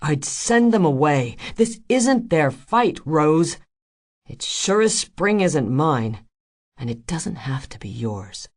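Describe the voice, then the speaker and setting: Storybook male Druin fighter, weary and resolved, read by a woman, low voice. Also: big pitch swings, slow pace, a little mellow, exaggerated voice.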